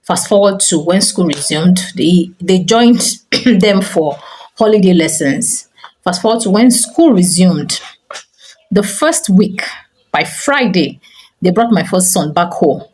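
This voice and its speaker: In poor audio, a middle-aged woman with a lowish voice speaks slowly to camera about a personal experience. She is a teacher and school owner giving parenting advice, lively in her telling and fond of the filler "you know."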